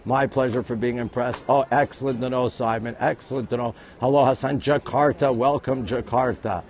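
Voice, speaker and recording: A man with a New York accent, hosting a live walking tour on his phone, talking quickly and greeting viewers all the time. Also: medium pitch, fairly even intonation, darkish tone. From United States. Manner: rapid-fire, greeting viewers constantly. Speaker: livestream host. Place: outdoors at a busy historic site. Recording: faint outdoor city noise.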